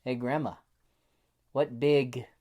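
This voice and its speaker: A man voicing a brave little boy in a storybook, slow and matter-of-fact, close to his own voice. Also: mid-range voice, fairly even intonation, warm tone. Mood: cool. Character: brave young boy, cool and unfazed.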